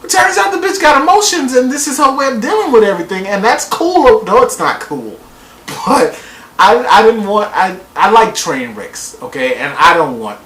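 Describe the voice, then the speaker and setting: A woman reviewing a TV show in a casual vlog, talking in a loud, profane way and mocking people with put-on voices. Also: medium pitch, normal speed, reverberant, far from the mic, rough recording. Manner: animated, profane, mocks people by quoting them in put-on voices.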